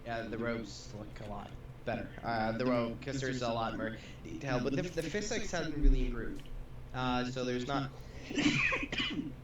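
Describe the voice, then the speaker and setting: Norwegian dude w hybrid english accent, far from the mic, echoey, noisy line, halting casual chat. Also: male voice, medium pitch. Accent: Norwegian-tinged English. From Norway. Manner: halting, answers viewer questions with many pauses. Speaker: co-host guest. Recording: distant, roomy, noisy mic.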